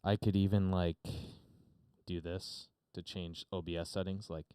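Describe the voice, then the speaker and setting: A man's voice: sits low, flat delivery, unhurried, mellow, clean tone, no room sound. A man hosting a podcast, chatting unscripted on a live stream from his home studio, rambling with lots of fillers and casual swearing. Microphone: desk mic through a mixer.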